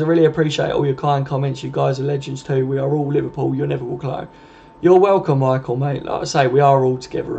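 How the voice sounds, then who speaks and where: A man's voice: mid-range voice, vocal fry, warm tone. A man with a chatty, laddish manner, hosting a casual live stream and replying to viewers' comments. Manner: laddish, chatty, swears, laughs often, reads out comments. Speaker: live-stream host answering chat. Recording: dull lo-fi stream audio.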